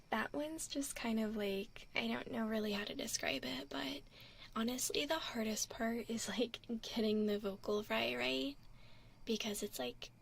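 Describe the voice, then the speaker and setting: A woman putting on a tomboyish young woman's voice in a whispered role-play, rambling softly with hesitant fillers. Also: fairly high pitch, gravelly, breathy edge, exaggerated voice. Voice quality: whispery, soft-spoken. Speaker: streamer.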